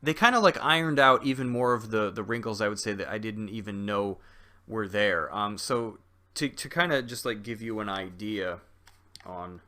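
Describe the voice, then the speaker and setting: A man's voice: on the low side, moderate pace, bright, forceful tone. A young man talking through a video game in a casual review, rambling with lots of ums and restarts and a jokey streak. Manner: chatty and jokey.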